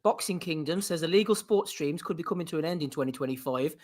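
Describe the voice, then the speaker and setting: A man's voice: on the high side, fast, darkish tone. A man hosting a boxing podcast, laughing often and moving the talk between clips. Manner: laughs a lot, steers between topics. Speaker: podcast host.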